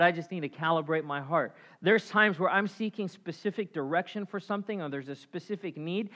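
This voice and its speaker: A man preaching a sermon as pastor, swinging between loud emphatic calls and quiet asides. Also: high-pitched.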